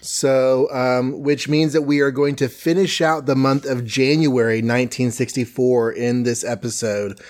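Chatty man retelling comics. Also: mid-range voice. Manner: chatty, laughing, animated retelling with quick asides. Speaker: podcast co-host. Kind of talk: casual comic recap.

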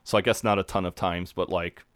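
A man's voice: deep voice, fairly even intonation, fairly quick, fairly bright tone. A young man co-hosting a podcast, recapping a TV episode in a sweary, chatty way. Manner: sweary, chatty, retells scenes with relish. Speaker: podcast co-host. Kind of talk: casual recap chat.

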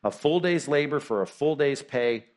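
A man's voice: fairly high pitch, animated, moderate pace. A man preaching a sermon as pastor, emphatic and full of rhetorical questions.

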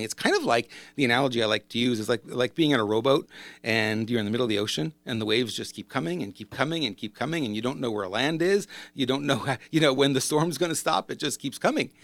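A man's voice: mid-range voice, expressive, fast talker, vocal fry, fairly bright tone, no room sound. Chatty man coaching business owners, dry sound. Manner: rambling, conversational, self-correcting. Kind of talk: casual monologue to camera.

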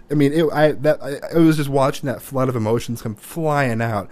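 A man's voice: mid-range voice, a little fast, hardly any pauses, no echo. A young man telling a family story in casual chat, swearing freely and acting out quotes. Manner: animated, swears freely, acts out quotes loudly.

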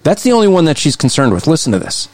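A man co-hosting a podcast, giving emphatic, argumentative commentary on interview clips he plays and pauses. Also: fairly high pitch, wildly swooping pitch, darkish tone, no echo. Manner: emphatic, argumentative, often shifts pace. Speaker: podcast co-host.

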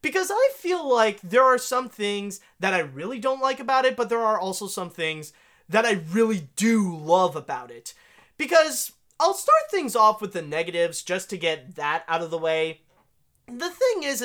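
A woman hosting an animation news podcast, chatty and animated, with gushing emphasis. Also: on the high side. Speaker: podcast host.

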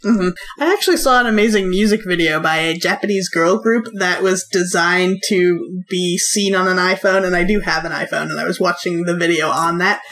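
A woman guesting on a podcast in casual chat, playful and quick with quips, giggling often. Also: fairly low pitch, fairly bright tone.

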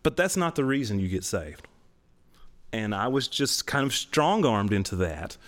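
A man's voice: lowish voice, moderate pace. Man telling his testimony. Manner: animated, laughs while telling stories, voice jumps way up for emphasis. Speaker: podcast co-host. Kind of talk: casual testimony storytelling.

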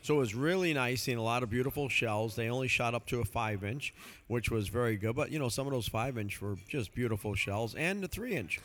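A man's voice: medium pitch, animated, brisk, fairly bright tone. A man co-hosting a podcast in casual chat, hesitant and full of fillers like "you know" and "um". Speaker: podcast co-host and event announcer.

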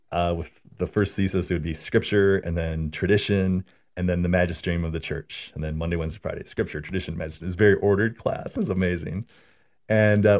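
A man's voice: low-pitched, a little mellow. A man, a priest, teaching about prayer in a conversation, earnest and story-driven, often adding "right?".

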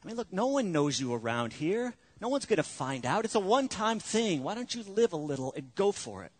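A male pastor voicing a sly, seductive tempter in a soft, coaxing hush. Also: high voice, big pitch swings, a little fast, breathy edge, no echo, full character voice.

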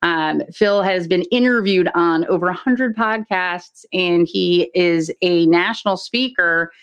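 A woman's voice: fairly low pitch, a little slow, smooth, dull audio. A woman co-hosting a podcast, introducing a guest in an upbeat, casual way and stumbling over her words now and then. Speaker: podcast co-host.

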